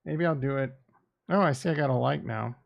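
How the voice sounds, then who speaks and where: Gravelly, profane man muttering on stream. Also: medium pitch, fairly quick, highs cut off. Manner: blunt, profane, sarcastic muttering to himself. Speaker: crypto streamer. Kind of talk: casual live-stream commentary. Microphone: desk microphone.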